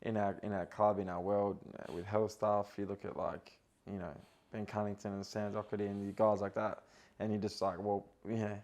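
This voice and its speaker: A man's voice: lowish voice, little pitch movement, moderate pace, darkish tone. An Australian man, a professional footballer, talking casually as a podcast guest and telling stories in a rambling way, full of filler words and restarts. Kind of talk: casual interview chat.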